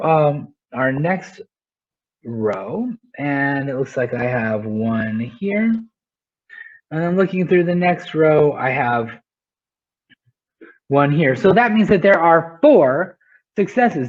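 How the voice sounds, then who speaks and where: A man's voice: on the high side, a little mellow, lo-fi sound. A male teacher explaining a math lesson step by step, often checking in with "right?".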